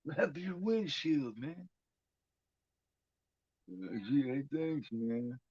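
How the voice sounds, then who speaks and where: A man's voice: fairly high pitch, lively intonation, drawn-out words, darkish tone, breathy edge, no echo. Guy cussing and chatting through a slasher watchalong, dull dry mic. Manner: chatty, profane, talks back at the screen. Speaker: watch-along commentator. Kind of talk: casual movie commentary.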